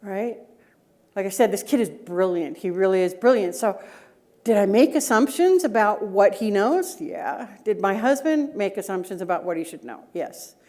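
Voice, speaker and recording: Her mid-range voice is expressive and darkish, at a normal speed. The middle-aged woman, a data governance director, gives a conference breakout talk built on personal anecdotes, asking her audience rhetorical questions.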